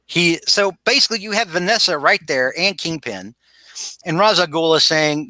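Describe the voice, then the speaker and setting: On a laid-back podcast, this co-host recounts a story in a lively way, voicing the lines of others and tripping into frequent restarts. His bright, forward voice sits on the high side and moves at normal speed. The recording is close and dry, free of room sound.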